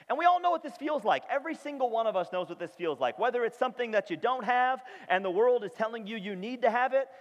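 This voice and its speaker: A man's voice: very high voice, expressive, fast talker, hardly any pauses. A man preaching a sermon to his congregation in a church, speaking emphatically and often checking in with them. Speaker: pastor. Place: church sanctuary. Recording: long reverb of a large hall.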